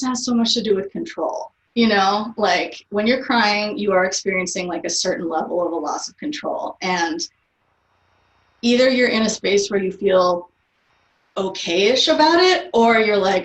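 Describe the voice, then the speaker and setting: A young adult woman chatting as an interview guest, laughing often and using lots of fillers. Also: medium pitch. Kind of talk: casual interview chat. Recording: roomy, distant from the mic.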